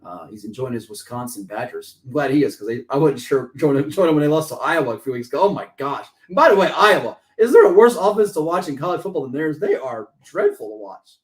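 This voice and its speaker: A man hosting a sports talk show, talking fast and joking excitedly with his co-host. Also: on the high side, low-quality recording. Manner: fast, excitable, jokey and talkative.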